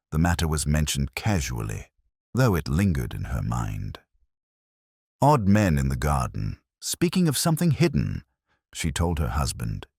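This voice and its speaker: A man hosting and narrating a classic detective story in a measured, solemn storyteller manner. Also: rumbling low, breathy edge, dry recording, clean studio sound. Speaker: host and narrator.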